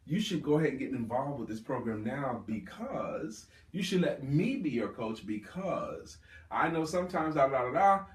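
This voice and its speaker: A man's voice: medium pitch, sing-song. Male sales coach, emphatic workshop delivery, roomy echo, distant mic. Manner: emphatic, drawn-out emphasis on key words. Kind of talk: live sales workshop talk.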